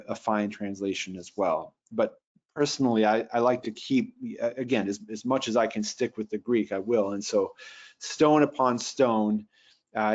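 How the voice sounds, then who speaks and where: A man teaching Bible translation in a casual lecture, thinking aloud with frequent restarts and reading phrases out slowly. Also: medium pitch, dull audio. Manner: thoughtful, restarts often, reads phrases slowly.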